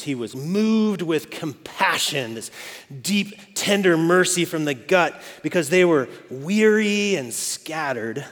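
A man in his forties preaching a casual, joking sermon to mothers, checking in with the crowd often. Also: on the high side. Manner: conversational and joking, with frequent "okay?" and "right?". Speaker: pastor. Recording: long hall reverb.

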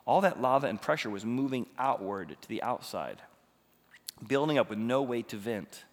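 A middle-aged man preaching with lively, animated storytelling, his voice climbing to near-shouts as he retells his frustration. His voice sits at an average pitch, and the long reverb of a large hall trails behind each phrase. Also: normal speed. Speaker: pastor. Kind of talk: sermon.

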